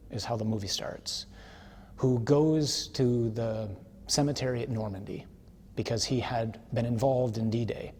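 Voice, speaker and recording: A man giving a conversational teaching sermon, telling a story with casual tag questions and building to forceful emphasis. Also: medium pitch, breathy edge.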